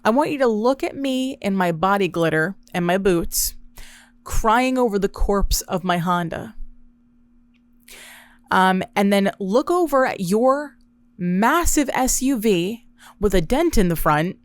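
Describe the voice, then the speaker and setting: A woman hosting a podcast alone, telling a story in a wry, profane, deadpan way. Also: medium pitch, a little slow, no echo. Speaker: podcast host. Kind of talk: casual solo storytelling.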